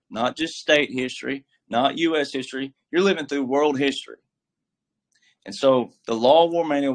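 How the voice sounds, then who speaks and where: A man giving casual political commentary as a guest, emphatic and preachy, with a folksy, filler-heavy way of talking. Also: mid-range voice. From military background.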